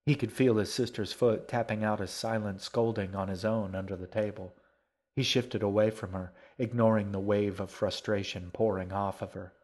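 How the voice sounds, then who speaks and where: A man narrating a children's story in a steady, even storytelling manner. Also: fairly low pitch, moderate pace. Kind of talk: audiobook narration.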